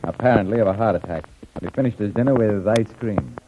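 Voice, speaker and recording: A man playing a cautious, by-the-book army major in a measured, officious manner, 1940s radio acting on a tinny old broadcast. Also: fairly low pitch, noisy background, natural voice. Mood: briefing.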